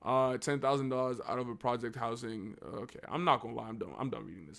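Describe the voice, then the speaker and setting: A man talking loosely on a livestream, in a voice pitched right in the middle for a man. He reads passages aloud with stumbles and restarts, then drifts into slangy, profane commentary. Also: vocal fry, a bit bright. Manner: reads text aloud haltingly, then riffs on it.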